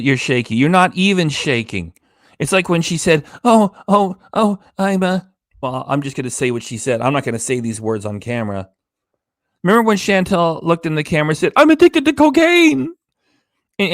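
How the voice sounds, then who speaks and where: A man's voice: fairly high pitch, fairly quick, fairly bright tone, no echo, clean studio sound. A tired man hosting a reaction channel, ranting with indignant sarcasm about a live stream. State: tired, low energy. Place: home studio with green screen.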